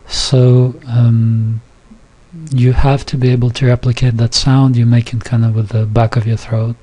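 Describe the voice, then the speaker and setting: Reading from a textbook, a man teaching Yiddish explains pronunciation in an informal recorded lesson, full of fillers and restarts, and sounds out example words with care. His delivery is flat and at normal speed, his medium-pitched voice dark and slightly rough.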